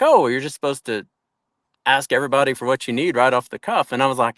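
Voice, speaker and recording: Chatty monk telling stories. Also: male voice, mid-range voice, expressive, quick pace, a bit bright, no room sound. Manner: chatty, acts out quoted voices, laughs often. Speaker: traveling bhakti yoga monk and teacher. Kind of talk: casual interview storytelling.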